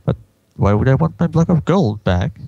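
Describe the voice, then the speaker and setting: Man as mischievous male trickster, smug, teasing, lively pitch, gravelly, comic reading. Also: moderate pace, no room sound, dull audio.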